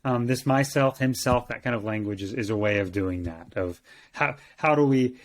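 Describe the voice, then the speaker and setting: A medium-pitched man at a moderate pace, he's a co-host and teacher in a conversational Bible language lesson. He sounds thoughtful, often repeating words while searching for how to put things.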